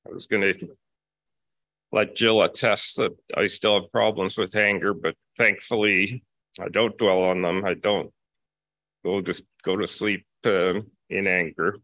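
A man preaching a sermon in a measured way, repeating key phrases for emphasis. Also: low voice, fairly even intonation, pushed and bright, dry recording.

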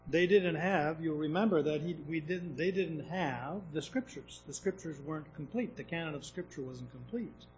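A man's voice: fairly high pitch, normal speed, few pauses, a little mellow, slight background noise, rough recording. A man preaching a sermon, teaching from scripture in a conversational way, asking questions and often restarting his sentences.

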